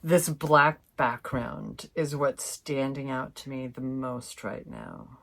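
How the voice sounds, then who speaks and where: Woman, tarot reader, casual chatty reading, low voice, slow pace. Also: expressive, vocal fry. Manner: chatty, swears mildly, laughs, addresses viewers as fam.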